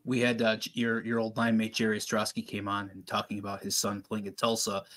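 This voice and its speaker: A man hosting a casual interview, asking relaxed questions with some hesitant restarts. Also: lowish voice, fairly quick. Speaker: host.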